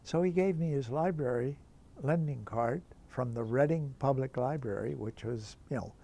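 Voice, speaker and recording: A man's voice: medium pitch, moderate pace, creaky. An older man, a priest, telling a chatty anecdote about a teacher, with many asides. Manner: lively, chatty, full of asides. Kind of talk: anecdotal storytelling.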